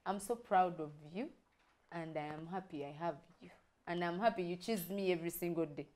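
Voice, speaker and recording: A woman's voice: fairly low pitch, a little fast, darkish tone. A woman musician, speaking heartfelt words in a casual interview. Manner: heartfelt, mixes English and Luganda. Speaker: musician guest.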